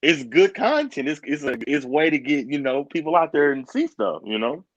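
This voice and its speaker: This man talks in a lively, up-and-down way, his voice sitting a little high for a man. He is excitable and friendly on a live stream and keeps calling people brother. The sound is dry and dull, like lo-fi stream audio. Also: normal speed, dry recording. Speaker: co-host of a live reptile stream. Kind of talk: casual live-stream chat.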